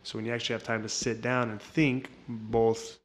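A man's voice: medium pitch, level tone, moderate pace, a little hiss or hum. Guy being interviewed, rambly and repeats stuff a lot, normal mid voice. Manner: rambling, repetitive, restarts often. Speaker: interview guest, jiu-jitsu coach. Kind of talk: casual interview talk.

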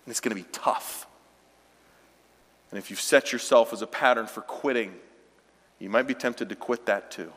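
A man's voice: medium pitch, moderate pace, long pauses, a bit bright. A male pastor preaching a sermon, speaking with emphatic, direct exhortation in a church sanctuary. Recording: long reverb of a large church hall.

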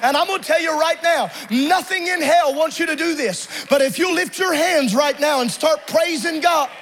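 High-voiced shouting preacher. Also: male voice, normal speed, slight background noise. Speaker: pastor. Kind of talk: fiery apostolic sermon. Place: church sanctuary with congregation.

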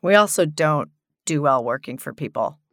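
A woman's voice: deep voice, animated, normal speed, no room sound, studio quality. A woman hosting a podcast, telling a story in a chatty way, laughing often and restarting her sentences. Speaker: podcast host. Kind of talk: casual conversational storytelling.

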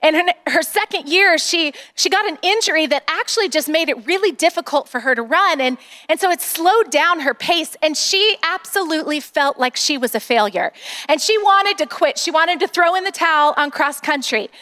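A woman's voice: high-pitched, animated, moderate pace, sharp tone. A middle-aged woman pastor preaching a sermon in a church, earnest and rallying her congregation.

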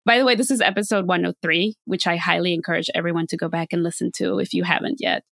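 A woman's voice: fairly low pitch, fairly even intonation, fast, vocal fry, fairly bright tone, no room sound, studio quality. A woman hosting an interview podcast, asking questions in a friendly conversational way. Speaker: podcast host.

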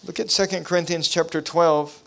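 A man's voice: on the high side, fairly even intonation, moderate pace, creaky. A man preaching a revival sermon, telling his own testimony with impassioned, repetitive preacherly cadence. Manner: impassioned, rising to near shouting. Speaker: pastor.

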